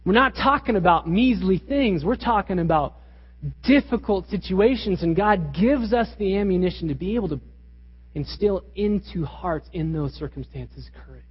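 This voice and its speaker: A man with a high, husky voice preaches a sermon, driving his points home with emphatic rhetorical questions. His voice rings with a long hall reverb, and the recording sounds dull and lo-fi. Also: expressive, moderate pace. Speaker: pastor.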